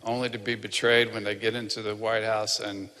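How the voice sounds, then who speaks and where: Middle-aged male interviewer, halting and earnest, sharp voice, theater reverb. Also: lowish voice, level tone. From rural Virginia. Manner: halting, restarts sentences, earnest. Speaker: onstage interviewer. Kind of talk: conversational questions onstage. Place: large theater hall.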